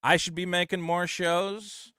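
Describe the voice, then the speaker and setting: A man hosting a call-in podcast, talking in a loud, profane, ranting way on a close studio mic. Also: high voice, flat delivery, a little slow, clear, resonant tone, dry recording. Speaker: podcast host. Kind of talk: casual call-in chat.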